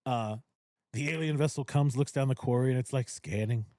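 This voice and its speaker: A man's voice: mid-range voice, normal speed, mellow, dry recording, clean studio sound. A man hosting a podcast, animatedly retelling a movie plot in casual chat, swearing freely and laughing often. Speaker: podcast host. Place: cigar lounge podcast studio.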